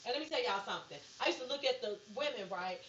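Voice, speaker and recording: Middle-aged woman, podcast host, emphatic, candid, slightly high voice, roomy and distant sound. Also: animated, fast talker, noisy background. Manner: candid, emphatic, calls listeners girl and baby. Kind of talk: casual chat. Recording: roomy, muffled, distant, crowd behind.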